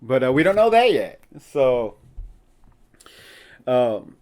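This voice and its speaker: A man's voice: mid-range voice, very animated, takes it slowly, darkish tone. Male podcast host, casual opinionated recap, mid-range voice, laughs easily. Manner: chatty, opinionated, laughs often.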